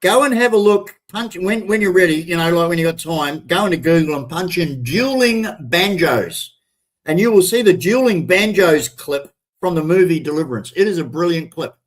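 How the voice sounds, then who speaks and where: High-voiced Australian man ranting bluntly. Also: animated, normal speed, low-quality recording. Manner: blunt, profane, repetitive restarts. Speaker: live stream host. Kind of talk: ranting commentary.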